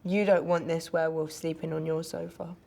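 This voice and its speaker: A woman doing a soft, gentle young werewolf girl. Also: deep voice, level tone, a little fast, creaky. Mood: hurt, pleading.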